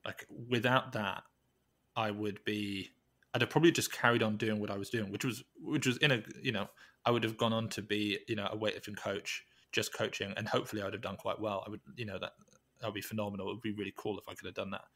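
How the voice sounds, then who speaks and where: A man speaking as a guest on an interview podcast, thoughtful and halting, with many restarts and fillers. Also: lowish voice, little pitch movement, a bit bright. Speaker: podcast guest, weightlifting coach. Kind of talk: reflective conversational interview.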